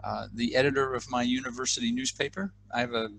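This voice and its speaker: A man's voice: mid-range voice, fairly even intonation, fast, gravelly, a bit bright, slight background noise. A middle-aged man with an American accent, chatting as an interview guest and often repeating words as he restarts. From United States. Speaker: guest, leadership trainer. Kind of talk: casual interview chat.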